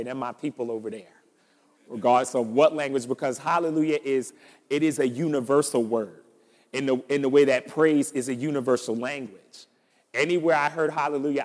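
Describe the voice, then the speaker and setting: A male pastor preaching a sermon, telling a story and building to loud emphasis. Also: medium pitch, big-room sound.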